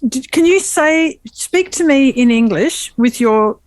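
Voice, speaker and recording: Lively high-voiced woman telling stories. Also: measured pace, no echo. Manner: animated storyteller, slips into playful voices. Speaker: podcast co-host. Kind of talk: casual chat.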